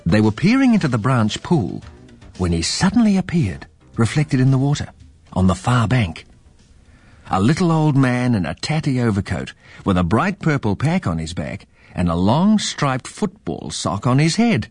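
A man reading a children's story aloud in a lively, expressive way. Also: medium pitch, moderate pace, slightly rough, dry recording, faint music behind.

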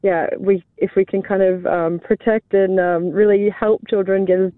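A woman's voice: medium pitch, little pitch movement, moderate pace, no echo. Woman researcher on the phone, lots of ums n little laughs, sounds tinny. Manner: chatty, frequent ums and light laughs. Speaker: sleep researcher guest. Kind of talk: phone interview. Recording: tinny phone line, dry.

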